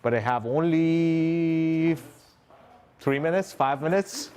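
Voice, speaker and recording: A man's voice: a little high, darkish tone, a little hiss or hum. A man co-hosting a live online stream, teaching the steps one by one in a methodical way. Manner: slow, methodical, numbered steps. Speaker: co-host, instructor.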